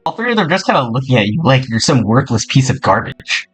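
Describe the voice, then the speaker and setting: A man's voice: mid-range voice, big pitch swings, fast, fairly bright tone, slightly rough. Young man rambling as game master. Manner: rambling, lots of fillers. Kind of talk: narrating a tabletop game.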